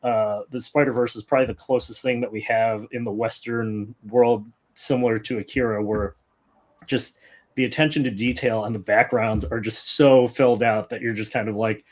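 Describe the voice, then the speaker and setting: A man co-hosting a casual film-review podcast, chatty and animated, acting out his reactions in quoted asides. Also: medium pitch, normal speed. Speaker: podcast co-host.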